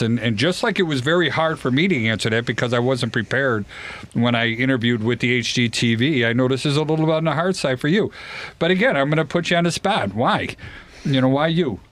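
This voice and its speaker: A man hosting a podcast, chatty and self-deprecating, asking his guests questions with lots of "you know". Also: mid-range voice. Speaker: podcast host. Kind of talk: casual podcast conversation. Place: studio.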